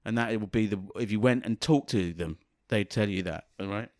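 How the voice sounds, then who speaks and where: A man's voice: lowish voice, fairly quick. A man hosting a podcast, arguing in casual, pedantic banter with plenty of swearing. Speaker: podcast host.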